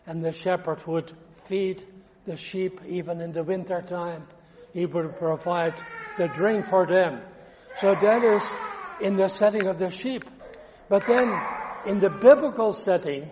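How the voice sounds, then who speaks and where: A man preaching a sermon, quoting scripture slowly and with emphasis. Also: high-pitched, a little mellow, long reverb tail, lo-fi sound.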